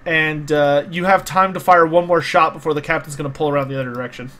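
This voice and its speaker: A man's voice: on the high side, fairly even intonation, fast, a bit bright, a little hiss or hum. A man narrating a tabletop game as game master, explaining the rules patiently with many small hesitations.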